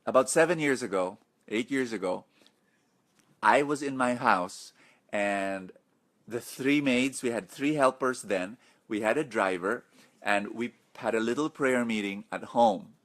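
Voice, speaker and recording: Excitable preacher man, live webinar. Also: medium pitch, a little slow. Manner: excitable, greets viewers by name, chatty asides. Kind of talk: live-streamed webinar talk.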